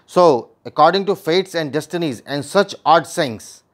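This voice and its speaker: A man's voice: a little high, animated, a little slow. A man teaching a literature lesson, explaining a play line by line and paraphrasing each quoted line in simpler words, with restarts.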